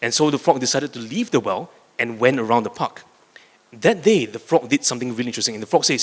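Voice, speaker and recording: A man's voice: mid-range voice, lively intonation, fast, husky. A man giving an earnest keynote talk on coaching at a conference, telling a story, often repeating words as he restarts. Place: large conference hall. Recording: reverberant conference hall.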